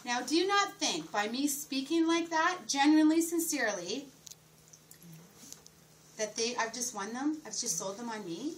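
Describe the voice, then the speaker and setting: With a high, expressive voice and an unhurried delivery, a middle-aged woman runs a sales training talk featuring a role-played pitch. She keeps her audience engaged with frequent questions and plenty of enthusiasm. A distant mic catches faint room noise.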